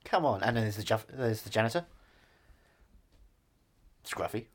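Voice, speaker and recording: A man chatting casually and teasing his co-host with quiz questions. His pitch moves around a lot and his delivery stays playful. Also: expressive, moderate pace. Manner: teasing, quizzing, jokey. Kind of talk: casual chat.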